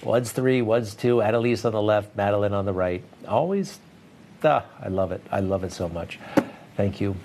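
A man's voice: fairly low pitch, normal speed, background noise. A man hosting a TV news show, interviewing a guest in a casual, chatty way and laughing easily. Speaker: TV news host.

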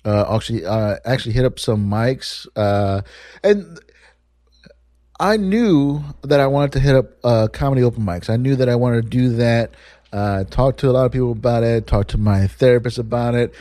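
A man's voice: medium pitch, normal speed, warm tone, dry recording, studio quality. A man hosting a solo podcast, talking in a rambling, candid way and swearing freely. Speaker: podcast host. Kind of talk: casual solo podcast monologue.

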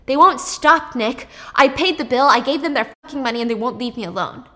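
A woman's voice: high voice, fairly quick, pushed and bright. A woman voicing a paranoid young rich man who swears and accuses in a hysterical rush. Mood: desperate.

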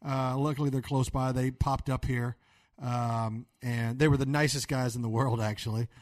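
A man hosts a podcast, chatting casually and teasing his guests playfully. His mid-range, darkish voice stays fairly even at a moderate pace, in a dry, studio-quality recording.

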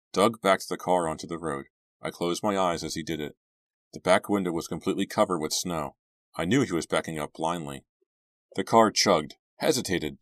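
Guy narrating a spooky audiobook, deep voice, dry close sound. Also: no room sound. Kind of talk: first-person audiobook narration.

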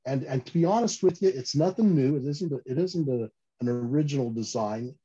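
A man's voice: mid-range voice, brisk, breathy edge. Chatty storytelling man, slightly dull audio. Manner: animated storyteller, frequent restarts and "you know". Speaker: fishing gear company guest. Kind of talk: casual podcast interview storytelling.

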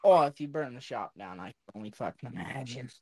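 A man's voice: medium pitch, expressive, fast talker, darkish tone. A man hosting a casual chat, profane, laughing often. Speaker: podcast host.

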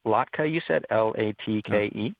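A man's voice: fairly low pitch, moderate pace, gravelly, no room sound. A man playing a radio word puzzle by phone, thinking aloud and hesitating over answers. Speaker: listener contestant. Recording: tinny phone line.

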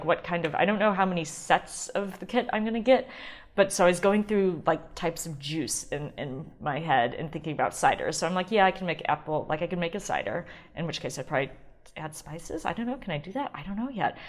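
A woman hosting a casual solo podcast, chatty and rambling, often restarting and laughing. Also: fairly low pitch. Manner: chatty, rambling, self-interrupting with frequent ums and laughs. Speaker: podcast host.

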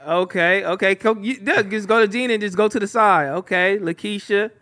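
A man co-hosting a podcast in casual banter, loud, laughing often and teasing the others. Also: high voice, fairly quick. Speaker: podcast co-host.

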